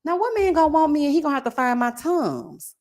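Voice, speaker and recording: Woman, 40s, slightly high voice, sassy, animated, casual live-stream chat, reads viewer comments. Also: quick pace. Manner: sassy, animated, laughs often, talks to viewers as "honey" and "y'all".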